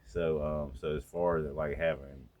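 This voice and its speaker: A man's voice: extremely low pitch, level tone, moderate pace, phone-quality sound. A middle-aged man from North Carolina telling a story from his own life in a casual vlog monologue, raw and profane, talking straight to his viewers. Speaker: storytelling vlogger. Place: home out in the country.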